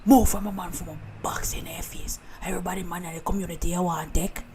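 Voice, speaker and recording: A woman plays a tough, jealous older cartoon woman with a Jamaican accent and a deep voice, bossing her partner around in patois. The home recording has a steady hiss of noise behind her. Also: fast talker, lightly acted. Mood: jealous scolding. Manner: scolding, bossy patois.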